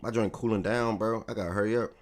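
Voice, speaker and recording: A man's voice: fairly low pitch, fairly even intonation, fast talker. A man hosting a casual sports livestream, feeling sick with a strained voice, talking in a laid-back, joking way to his chat. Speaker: livestream host.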